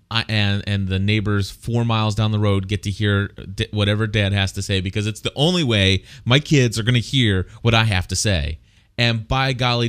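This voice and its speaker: Earnest man with a smooth low voice. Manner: earnest, confessional storytelling. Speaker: co-host, parent. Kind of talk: casual faith-based parenting talk.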